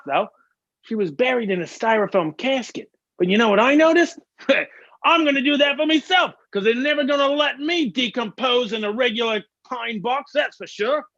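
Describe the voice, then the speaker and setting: A man's voice: very high voice, fairly bright tone, exaggerated voice. A man improvising a chatty, flirty gravedigger in a put-on Australian accent. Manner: boisterous, rambling. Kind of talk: improv comedy scene. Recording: muffled, lo-fi sound.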